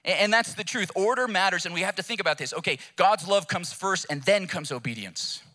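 Pastor, bright forceful tone, lively sermon delivery. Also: male voice, high-pitched, a little fast. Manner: animated, emphatic storyteller.

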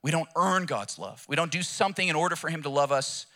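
Pastor, bright forceful tone, lively sermon delivery. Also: male voice, fairly high pitch, quick pace. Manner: animated, emphatic storyteller.

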